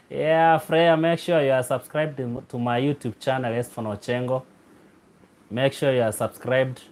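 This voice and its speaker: A man's voice: medium pitch, steady tone, measured pace, pauses often, a little mellow. A man hosting a live stream, chatting casually with viewers, teasing a commenter, laughing often and repeating names.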